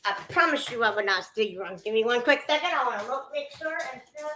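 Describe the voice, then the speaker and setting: A chatty woman hosts a casual livestream from home, talking loosely to her viewers with the odd curse. Her voice is bright and a touch high. The room around her sounds echoey. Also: animated, fast. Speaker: livestream host. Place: at home indoors.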